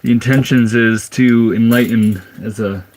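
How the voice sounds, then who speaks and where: A man's voice: medium pitch, unhurried, noisy background. Chatty young man streaming from his bus. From Minnesota. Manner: relaxed, chatty, reads out viewer questions. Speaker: livestreamer. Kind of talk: casual livestream chat. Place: converted school bus.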